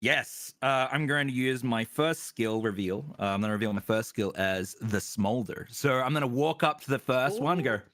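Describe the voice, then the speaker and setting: A man's voice: mid-range voice, moderate pace, hardly any pauses, a bit bright, no echo. A man playing a tabletop game, joking and laughing. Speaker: player.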